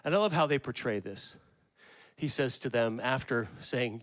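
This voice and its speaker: A middle-aged male pastor giving a conversational, animated sermon, asking rhetorical questions and acting out quotes. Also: medium pitch, normal speed, clean tone.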